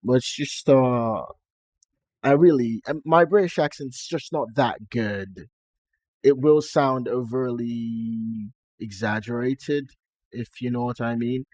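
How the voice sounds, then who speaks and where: This young Nigerian man chats on a live stream in a put-on generic American-Canadian accent, often laughing at himself. His medium-pitched voice is slow and darkish, with no room sound.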